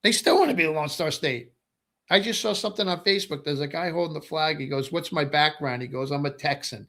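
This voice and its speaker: A man's voice: on the high side, expressive, fast, fairly bright tone. A middle-aged man hosting a webcast, talking through his views in a rambling, casual way, often asking "right?" and repeating phrases. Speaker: webcast host. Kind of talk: casual political monologue.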